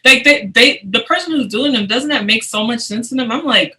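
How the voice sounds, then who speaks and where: A woman hosting a casual podcast interview, animated and quick to laugh, often restarting her sentences. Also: a little high, low-quality recording. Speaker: podcast host.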